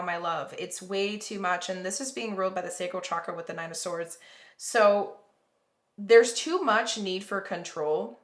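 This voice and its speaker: A woman talks through a tarot spread in a loose, rambling way, full of "like" and "um". Her voice is bright and forward, and the sound bounces around an echoey room. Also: medium pitch. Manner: rambling, conversational, reassuring, many fillers. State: yawning, tired. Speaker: tarot reader. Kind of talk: casual tarot reading to viewers.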